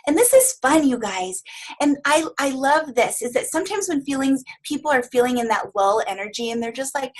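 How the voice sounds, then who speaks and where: A fairly high-pitched woman leads a coaching workshop. She sounds upbeat and encouraging, and she slips into quick voices of clients as she teaches. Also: lively intonation. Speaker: coaching trainer. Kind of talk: training talk to coaches.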